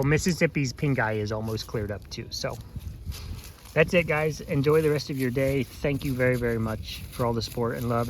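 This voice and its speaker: A man's voice: medium pitch, slight background noise. A farmer vlogging in a goat barn, chatting playfully and cooing baby talk at his goats. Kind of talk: casual vlog chat with farm animals.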